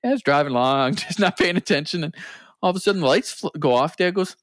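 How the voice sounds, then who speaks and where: A man's voice: fairly high pitch, animated, quick pace, no room sound. A man co-hosting a podcast, telling a story in casual chat, laughing often and acting out quoted lines. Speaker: podcast co-host.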